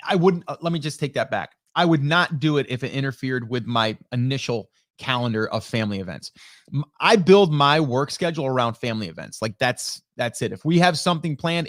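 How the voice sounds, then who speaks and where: Here the live-stream host, a middle-aged man, talks in a mid-range, slightly bright voice, wandering through casual chat full of fillers and false starts. Now and then he stops to read out viewer comments. Recorded on a studio dynamic mic, it's studio quality with no room sound.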